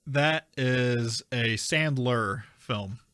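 Male contestant, bright tense voice, dry close sound, chatty and quick to laugh. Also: mid-range voice, clean tone, dry recording. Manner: laughs easily, thinks aloud. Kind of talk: casual podcast game.

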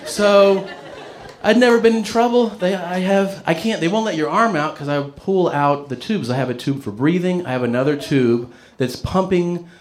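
A man telling a comedic personal story casually, swearing and acting out quotes with big jumps in pitch. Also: normal speed, hardly any pauses.

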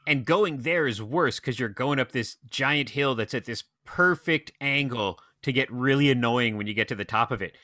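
Brief: man, theater operator, bright forceful tone, dry close sound, run-on storyteller. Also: medium pitch, dry recording. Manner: animated storyteller, quick run-on anecdotes. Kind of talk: casual podcast chat.

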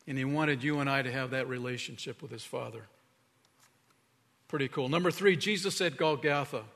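Male pastor, earnest sermon delivery, a little high-pitched, long church reverb. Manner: earnest preaching, drops to a hushed tone for emphasis. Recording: reverberant hall.

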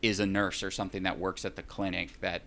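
A man's voice: deep voice, little pitch movement, fast, gravelly, fairly bright tone. Rambling, wry man recapping a film. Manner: rambling, wry, sarcastic asides. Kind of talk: casual chat, recapping a film.

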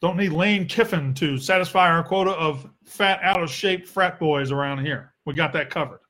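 A man's voice: on the high side, moderate pace, pushed and bright. A young man with a Southern US accent, hosting a casual solo sports Q&A in a blunt, profane and sarcastic way. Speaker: sports podcast host.

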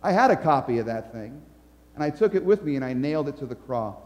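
A preacher speaking as a calm, loving savior. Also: male voice, mid-range voice, fast, in a large hall, muffled recording, pitched below the performer's own voice, close to an everyday voice. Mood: firm. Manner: gentle, assured.

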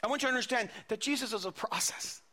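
High bright-voiced male preacher. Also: quick pace. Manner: retelling scripture with quoted dialogue, frequent repetitions. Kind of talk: sermon.

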